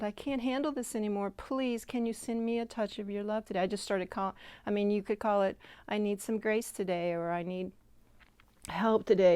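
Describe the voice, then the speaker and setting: A woman's voice: mid-range voice, a little mellow, no room sound. A middle-aged woman speaking tenderly and earnestly to viewers in a personal devotional testimony, emotional at times and dropping to a whisper. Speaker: Christian speaker sharing a devotional message.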